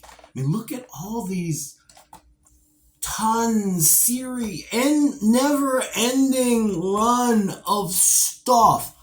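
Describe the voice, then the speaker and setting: A middle-aged man reviewing a vintage action figure, talking in a rambling, animated way with playful asides and geeky nostalgia. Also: very high-pitched, drawn-out words. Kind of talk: casual video review.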